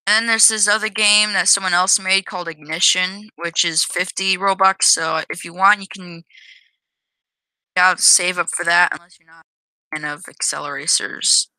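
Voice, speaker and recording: A woman talks over her gameplay in a casual, hesitant way, often restarting and correcting herself. Her voice is very bright and crisp. It is recorded dry and close, with no room sound. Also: fairly low pitch, steady tone, normal speed, no room sound, low-quality recording. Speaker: game developer showing own game.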